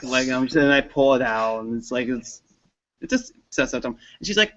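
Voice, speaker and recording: A man hosting a casual chat, telling stories and acting out his parents with loud impressions. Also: fairly high pitch, a little fast. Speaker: panel host. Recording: dull lo-fi stream audio.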